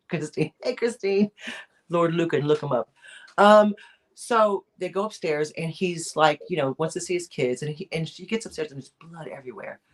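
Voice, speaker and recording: A woman's voice: low-pitched, moderate pace. A woman co-hosting a weekly chat, telling a true crime story in a casual, rambling way, with lots of fillers and restarts. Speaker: co-host of a weekly chat show.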